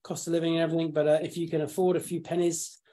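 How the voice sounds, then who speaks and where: A man hosting a casual live chat, rambling with restarts and frequent throat clearing. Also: on the high side, flat delivery, racing, mellow. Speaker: host.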